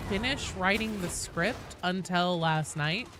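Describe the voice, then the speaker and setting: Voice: mid-range voice, measured pace, hardly any pauses, over music. A game streamer in casual live-stream chat while gaming, rambling with lots of fillers and restarts in a Valley Girl-like way of talking.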